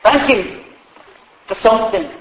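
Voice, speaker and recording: A man's voice: high-pitched, lively intonation, unhurried, a bit bright. A man preaching a sermon in a humorous, conversational way, acting out quotes along the way. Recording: echoey hall.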